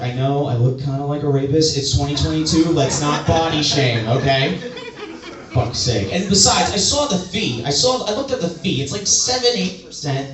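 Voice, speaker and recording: Rambling stand-up comic in an echoing room. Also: male voice, medium pitch. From US suburbs. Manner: rambling, self-mocking, swings into loud outbursts. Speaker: stand-up comedian. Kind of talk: stand-up comedy set. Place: comedy club stage. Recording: echoey room, mic from a distance.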